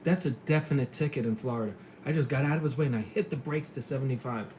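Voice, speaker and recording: A middle-aged former police lieutenant from New York with a New York accent, chatting casually and telling stories in a lively way. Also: male voice, medium pitch, quick pace, a little hiss or hum, poor audio. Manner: chatty storyteller, animated when retelling. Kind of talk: casual chat on a call.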